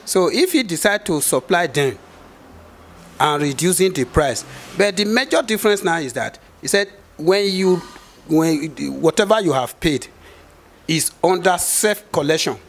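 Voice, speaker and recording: Male guest, fairly high voice, hesitant and full of fillers. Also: lively intonation, a little slow, a little hiss or hum. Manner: hesitant, many fillers and restarts. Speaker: cement trade guest. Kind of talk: explaining in an interview.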